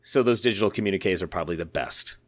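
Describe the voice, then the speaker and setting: A man's voice: sits low, racing. A man hosting a podcast in casual chat, upbeat and jokey, reading listener mail aloud. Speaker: podcast host.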